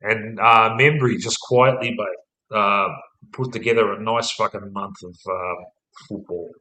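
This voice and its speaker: A man's voice: on the low side, fairly even intonation, measured pace, pushed and bright, reverberant, poor audio. A young Australian man co-hosting a casual football chat, rambling and swearing constantly in a laid-back way. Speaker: podcast co-host.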